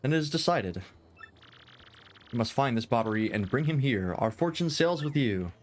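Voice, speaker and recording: A man's voice: mid-range voice, animated, moderate pace, pitched above the performer's own voice, lightly acted. Man doing a pompous rich adventurer. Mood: grandiose. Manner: grandiose, flowery and theatrical. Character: pompous wealthy male adventurer-merchant. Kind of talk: reading game dialogue aloud with voices.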